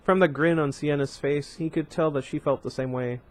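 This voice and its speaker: A man's voice: fairly high pitch, fairly even intonation, moderate pace. A man reading a novel aloud for his channel, with casual asides and occasional self-corrections. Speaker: book reader.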